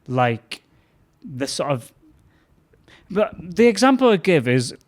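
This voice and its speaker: A man's voice: on the high side, sing-song, slow. A young man, a comedian guest chatting casually and telling stories with laughs. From England. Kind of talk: casual chat.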